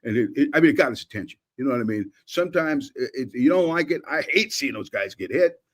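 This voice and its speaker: An older man, a former football coach, breaking down game film in a lively, rambling way, acting out old conversations. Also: medium pitch, fast. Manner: animated, acts out quotes, many restarts. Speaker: former offensive coordinator, analyst.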